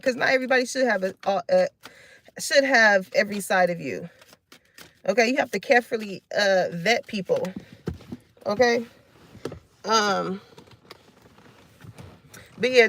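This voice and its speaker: A woman's voice: a little high, no echo. A woman doing a live card reading and chatting with her viewers. She talks loose, slangy and frank, cusses freely, and laughs often. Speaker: tarot reader.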